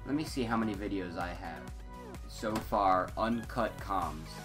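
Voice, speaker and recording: A teenage boy rambling through casual gaming commentary, scattered and self-interrupting, excitable, on a headset mic. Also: deep voice, unhurried, over music. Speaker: gaming YouTuber.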